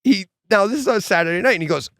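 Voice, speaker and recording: A man's voice: sits high, expressive, racing, fairly bright tone, dry recording, studio quality. A man co-hosting a podcast, telling stories animatedly, mimicking people and laughing often. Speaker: podcast co-host. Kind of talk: casual chat.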